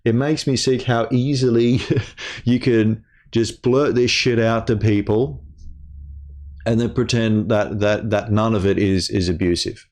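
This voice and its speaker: A man's voice: fairly low pitch, fairly even intonation, a little slow, a little mellow. A young man hosting a gaming channel, delivering an angry personal rant full of swearing, stammered restarts and repeated words.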